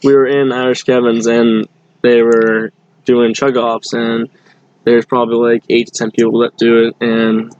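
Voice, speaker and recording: Flat-voiced young man telling a story. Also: mid-range voice, moderate pace, clean tone, dry recording, dull audio. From Boston area. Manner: rambling, many fillers and restarts. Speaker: guest. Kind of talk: casual storytelling.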